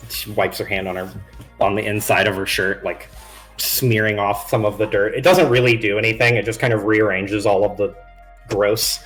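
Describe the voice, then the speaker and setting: A man's voice: lowish voice, steady tone, moderate pace, fairly bright tone, faint music behind. A man narrating a tabletop game as game master on a live stream, in a loose and rambling way with many restarts.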